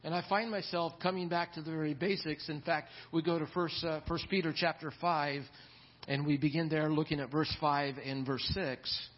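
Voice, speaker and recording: A man's voice: on the high side, steady tone, normal speed. Folksy preaching man, muffled church audio. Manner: folksy, repeats words, storytelling asides. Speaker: pastor. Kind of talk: sermon. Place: church sanctuary. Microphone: lapel mic.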